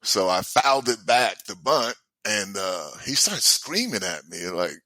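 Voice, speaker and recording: A man in his sixties telling stories as a guest in a casual chat, animated and often laughing. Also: on the low side, measured pace, no echo. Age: 60s. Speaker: guest, former baseball player.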